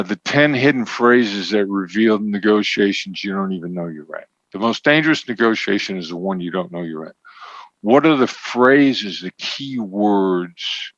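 A man as an interview guest, explaining negotiation points in a measured, emphatic teaching tone. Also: fairly low pitch, no echo. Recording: dull, slightly lo-fi sound.

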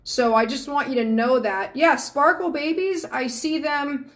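A woman's voice: sits high, measured pace, fairly bright tone. A woman from Georgia, hosting a live stream as a psychic medium and chatting earnestly and affectionately with viewers. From Georgia, USA.

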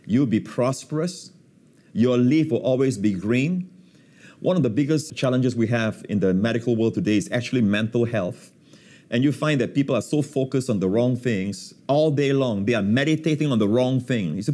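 A man's voice: medium pitch, mellow. A man teaching scripture as a guest on a talk show, emphatic and fond of repeating key words, with frequent fillers. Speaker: pastor and guest.

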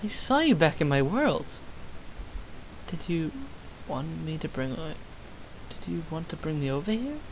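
A woman reading a shy young girl from a game, soft and unsure, talking slowly in a lowish voice. Faint hiss sits under the recording. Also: big pitch swings, vocal fry, heavily acted. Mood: hesitant. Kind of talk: reading game dialogue aloud.

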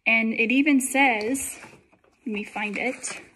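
A woman's voice: a little high, fairly even intonation, takes it slowly, sharp tone, a little hiss or hum. A young woman telling a dream in casual testimony, chatty and full of fillers. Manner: chatty, many likes and fillers.

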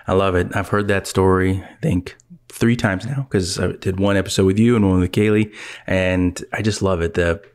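A man hosting a fitness business podcast, energetic and quick when excited. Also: deep voice. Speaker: podcast host.

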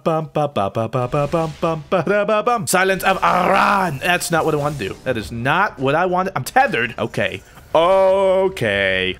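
A man giving excitable live gameplay commentary, joking and trash-talking opponents as he plays. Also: a little high. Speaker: gaming channel host.

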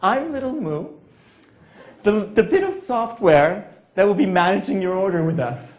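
A man voicing a small, friendly male software bot, chirpy and polite. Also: sits high, lively intonation, moderate pace. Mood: cheerful.

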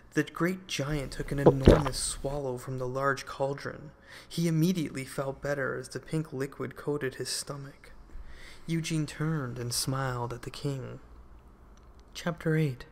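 Male narrator for a children's audiobook, measured storytelling, medium pitch.

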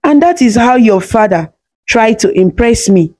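A woman voicing a warm old village grandmother. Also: fairly high pitch, expressive. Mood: warm teasing. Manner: warm, teasing, slow.

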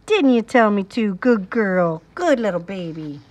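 A woman voicing a mischievous, excitable little boy in a read-aloud storybook, speaking in a wheedling, sing-song way. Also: mid-range voice, unhurried. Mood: playful.

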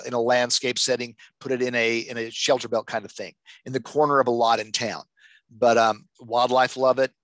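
A man's voice: mid-range voice, fairly bright tone, no room sound. A middle-aged man, an extension agent, giving a practical, plainspoken presentation on plants for wildlife, with frequent restarts. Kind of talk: educational presentation.

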